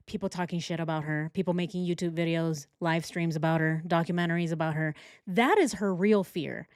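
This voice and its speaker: A woman's voice: lowish voice, no echo, clean studio sound. A woman hosting a true crime reaction video, commenting casually and with sarcastic, mocking remarks.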